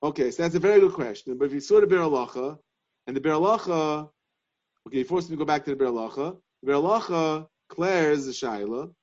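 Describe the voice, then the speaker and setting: A man giving a Talmudic lesson, reasoning aloud in halting, repeated phrases. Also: fairly high pitch, expressive, a little mellow. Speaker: Torah class teacher. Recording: dull lo-fi sound.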